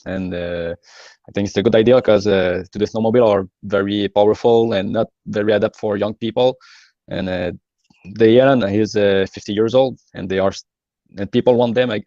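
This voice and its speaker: A man's voice: lowish voice, steady tone, mellow, no echo. Man on a dull line. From Quebec. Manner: halting with frequent uh pauses. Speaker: guest. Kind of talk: casual interview chat.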